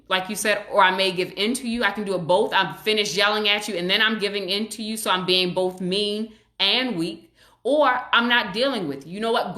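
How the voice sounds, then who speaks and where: A woman's voice: mid-range voice, echoey room. A woman who is a child psychologist, hosting a live stream on parenting and talking viewers through their comments in a reassuring way. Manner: warm, reassuring, acts out parent and child voices. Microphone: webcam or phone on a live stream.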